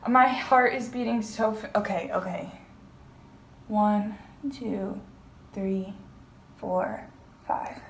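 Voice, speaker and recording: A young woman telling a personal story on her vlog, animated and often laughing. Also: medium pitch, takes it slowly, creaky, pauses often, slight background noise, low-quality recording. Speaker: vlogger.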